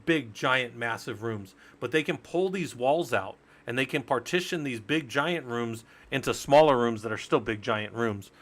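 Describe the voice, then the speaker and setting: A man in mid pitch teaches networking on a relaxed live stream. He walks through each step in a chatty way and banters with his viewers as he goes. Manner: chatty, explains step by step, jokes with chat. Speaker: live-stream Linux instructor.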